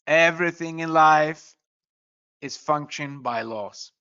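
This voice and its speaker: A man with a high, bright voice gives an earnest motivational talk. He presses his points and keeps tossing in "you know" asides. The recording sounds slightly dull and lo-fi. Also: slow, clean tone. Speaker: motivational speaker.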